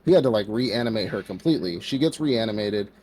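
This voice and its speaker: A man's voice: fairly low pitch, expressive, fast, darkish tone, a little hiss or hum. A man co-hosting a podcast, retelling an anime plot in a loose, casual way, acting out the characters' lines with lots of "like" fillers. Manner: loose storytelling, acts out quotes, many fillers like "like". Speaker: podcast co-host.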